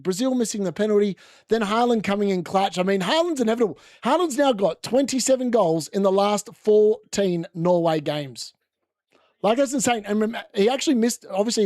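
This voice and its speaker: A man's voice: high-pitched, darkish tone, dry recording, clean studio sound. A young man hosting a casual live football watchalong from a room at home, chatting and rambling as he reacts to the match. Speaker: watchalong host.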